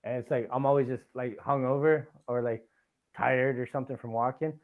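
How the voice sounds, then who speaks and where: A man's voice: medium pitch, fairly even intonation, a little fast, phone-quality sound. A man hosting a casual podcast. He rambles, fills his talk with "like" and laughs often. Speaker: podcast host.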